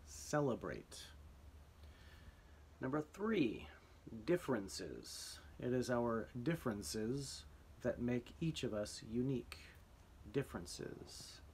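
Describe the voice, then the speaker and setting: A man teaching a spelling lesson to his students, explaining slowly with frequent ums and restarts. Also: mid-range voice, a little mellow, slight background noise.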